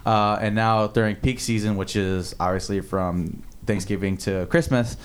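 A man's voice: lowish voice, steady tone, normal speed, smooth. A young man hosting a casual podcast, rambling and swearing with lots of fillers. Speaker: podcast host. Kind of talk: casual chat.

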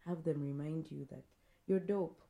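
A woman with a deep voice speaks unhurriedly as a podcast co-host, telling a personal story in casual chat. She tells it animatedly, acting out what her friends said and laughing often.

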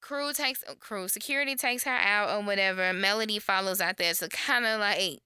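A woman's voice: mid-range voice, moderate pace, clean tone, no room sound, clean studio sound. A woman co-hosting a podcast, recapping reality TV in casual chat, swearing freely and acting out quotes. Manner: animated storytelling, acts out quotes, swears freely. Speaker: podcast co-host.

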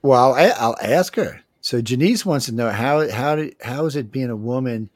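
A man's voice: mid-range voice, lively intonation, normal speed, no room sound, clean studio sound. A man with a Southern Cajun accent hosting a radio show, chatting in a rambling, joking, folksy way. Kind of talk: casual talk-radio chat.

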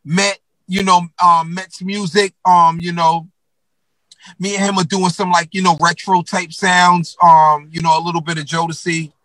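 A man's voice: high voice, little pitch movement, normal speed, a bit bright, dry recording, poor audio. A man from New York telling stories as a guest rapper in a casual interview, slangy and profane with many fillers.

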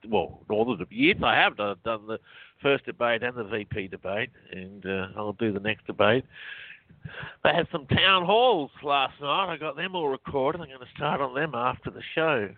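A man's voice: mid-range voice, lively intonation, moderate pace, dry recording. A man being interviewed as a guest, chatty and rambling, laughing often between points. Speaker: guest, researcher. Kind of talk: casual phone-in interview. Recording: dry tinny phone line.

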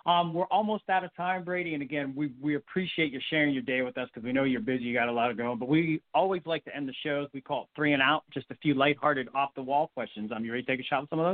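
Male sports podcast host: quick, upbeat, rambling; phone-line audio. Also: mid-range voice. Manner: upbeat, rambling with repeated words.

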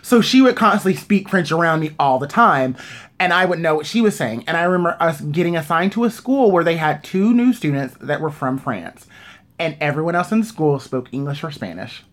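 A woman's voice: low voice, animated, brisk. A woman who teaches dance, telling a story in a casual chat with many "like"s.

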